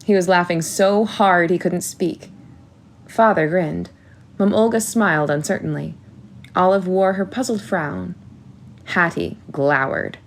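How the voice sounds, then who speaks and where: A woman narrating a storybook in the first person with a measured, expressive reading. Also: lowish voice, creaky, slight background noise. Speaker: audiobook reader.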